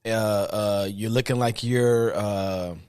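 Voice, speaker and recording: A man with a low voice muses aloud on a podcast, hesitant and full of "like" and "uh" as he works out his point. The sound is close and dry, with no room echo. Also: steady tone, slow, a little mellow, smooth. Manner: thoughtful, hesitant reasoning with fillers. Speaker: podcast co-host. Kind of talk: casual podcast chat.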